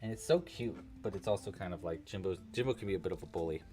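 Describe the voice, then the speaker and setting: A man's voice: low voice, quick pace, a little mellow, soft background music. A man hosting a live crochet-along, chatting casually and joking while he thinks aloud about his work. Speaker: livestream crochet host.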